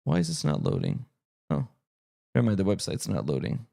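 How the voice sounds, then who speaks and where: A man's voice: lowish voice, wildly swooping pitch, fairly quick, vocal fry, warm tone. A man chatting casually on a live stream, thinking aloud and answering viewers' chat as he goes. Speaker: streamer and game master.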